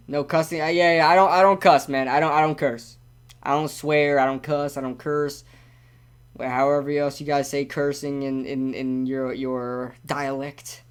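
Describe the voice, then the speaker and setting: A man's voice: on the high side, steady tone, moderate pace, clear, resonant tone. A young man hosting a casual live-stream sports talk show, rambling and ranting animatedly with lots of repeats.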